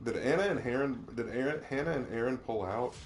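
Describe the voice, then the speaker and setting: A young man chatting loosely on a game stream, laid-back and joking as he plays. His pitch sits in an ordinary middle range. A faint hiss lies under his voice. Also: fairly quick. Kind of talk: casual gaming stream chat.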